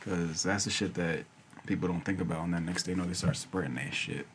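A young man co-hosting a casual, profane chat with friends, loose and quick to laugh. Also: sits low. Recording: faint background noise.

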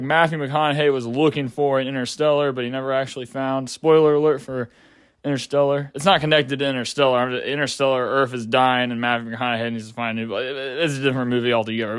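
A man's voice: mid-range voice, dry recording, studio quality. A young adult man giving a casual movie review, rambling with lots of filler words and casual swearing.

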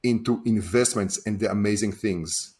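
A man's voice: lowish voice, normal speed, darkish tone. A man in his forties with an Israeli accent, a podcast host chatting in a loose, self-deprecating way. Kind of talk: casual interview chat.

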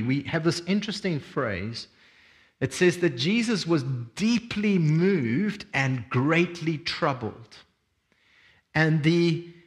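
A man preaching a sermon as a pastor, reading scripture and expounding it with expressive emphasis. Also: sits high. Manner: expressive preaching, swings between quiet reflection and emphatic energy.

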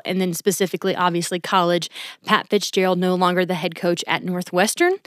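A woman's voice: medium pitch, no echo, clean studio sound. A woman hosting a solo sports recap podcast, chatty and upbeat, with a casual, enthusiastic delivery.

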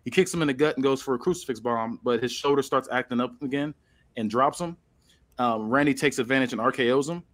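A man hosting a casual podcast, loosely reading out a storyline with pauses and restarts. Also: mid-range voice, a bit bright. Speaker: podcast host.

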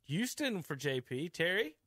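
A man's voice: fairly high pitch, sing-song, measured pace, a bit bright, no echo, studio quality. A man hosting a casual sports talk radio show, easygoing and running through the picks. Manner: easygoing, runs the picks, laughs often.

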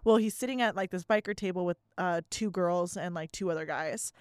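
A woman's voice: fairly low pitch, fairly quick, clean tone, dry recording. Young woman rambling thru a work story, lots of swearing, dead dry mic. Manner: profane, storytelling, laughs often. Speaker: podcast co-host. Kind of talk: casual chat.

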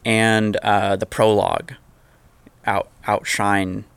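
Man chatting fast about movies. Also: fairly low pitch, creaky, clean tone, dry recording. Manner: animated, laughs often, quick asides. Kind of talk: casual film discussion.

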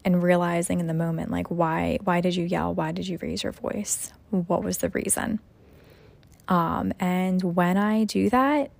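A woman's voice: lowish voice, creaky, darkish tone, no echo. A young woman, a mother hosting her own podcast, talking through her thoughts in a rambling, reflective way with lots of fillers. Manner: rambling, reflective, many "you know" fillers. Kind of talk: casual solo podcast monologue.

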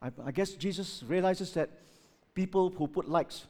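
A man preaching a sermon with lots of rhetorical questions, swinging between loud outbursts and hushed asides. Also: high-pitched, moderate pace.

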